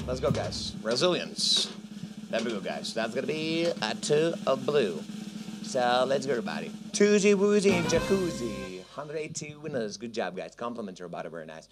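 Hosting a live casino game over music, a man jokes between rounds and keeps up lively chat with viewers. His medium-pitched voice has big pitch swings, at a normal speed.

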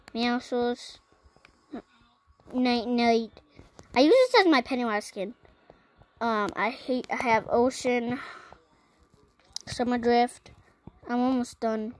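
A female host of a gaming channel talks casually through a long list of items. Her voice sits a little high and her pace is slow and unhurried. She keeps filling the gaps between items with ums and short pauses. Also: darkish tone, poor audio. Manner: listing items one by one, with many ums and pauses.

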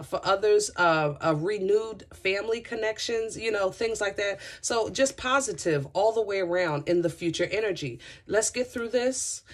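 A woman giving a casual tarot reading to her viewers, chatty and effusive, rambling through asides and talking straight to her listeners. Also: mid-range voice. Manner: addresses listeners directly and often. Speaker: tarot reader.

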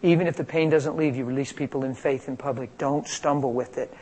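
An American man from Pennsylvania preaching an informal sermon on healing, energetic and conversational, swinging between loud and quiet. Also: medium pitch, brisk, husky, poor audio. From Pennsylvania, USA. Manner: conversational, energetic, big swings in loudness, plays out dialogue.

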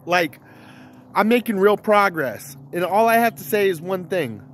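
A man's voice: high-pitched, lively intonation, a little slow, a bit bright, slight background noise. A man vlogging in a rambling, giggly, repetitive stream-of-consciousness monologue to camera.

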